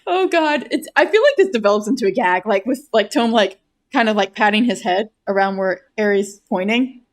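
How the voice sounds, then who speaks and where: A woman's voice: medium pitch, lively intonation. A woman narrating her character's actions in a casual tabletop role-play, chatty and full of fillers. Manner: chatty, quick laughs, lots of fillers. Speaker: player and co-narrator.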